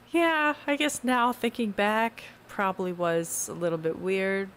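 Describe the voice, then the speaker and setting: A woman's voice: mid-range voice, moderate pace, hardly any pauses, fairly bright tone. A young woman streaming from home, chatting casually with her chat in a rambling, giggly way that keeps correcting itself. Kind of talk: casual livestream chat, reacting to chat. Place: home, newly moved in.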